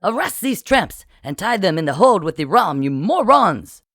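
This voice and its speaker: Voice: mid-range voice, very animated, unhurried, fairly bright tone, slightly rough, no echo, studio quality, heavily acted. The narrator voicing a defiant pirate captain with a British accent, blustering and barking orders. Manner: blustering, demanding.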